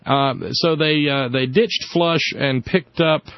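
A man's voice: on the high side, takes it slowly, dry recording. A man hosting a casual political chat show, sardonic and rambling, with many restarts. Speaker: podcast host. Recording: dull lo-fi dry audio.

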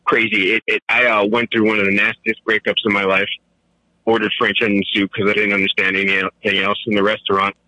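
Bright-voiced man telling animated stories. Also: brisk, no room sound, rough recording. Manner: animated, laughing, swinging into high voices for quotes. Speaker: caller. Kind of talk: casual storytelling.

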